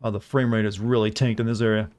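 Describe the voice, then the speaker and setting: A man's voice: fairly low pitch, little pitch movement, fast, darkish tone, a little hiss or hum. A man streaming a game and chatting casually with his viewers, teasing them and playfully dodging their questions. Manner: teasing, evasive, talks over gameplay. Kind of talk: casual gaming commentary to chat.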